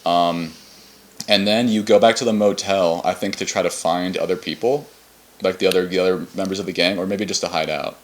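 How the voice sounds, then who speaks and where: A man's voice: deep voice, fairly even intonation, fairly quick, a little hiss or hum. A young man co-hosting a podcast, casually recapping a game in a rambling, unsure way and correcting himself. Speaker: podcast co-host.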